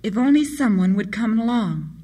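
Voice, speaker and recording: A woman reading an adventure story aloud in a steady, measured manner. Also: a little high. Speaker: narrator.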